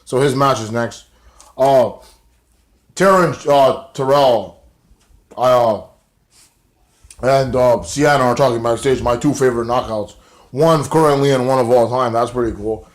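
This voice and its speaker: In a laid-back video review, a man rambles through a recap of a show using loose slang peppered with profanity. His pitch is ordinary and mid-range, and he talks a little slowly with frequent pauses.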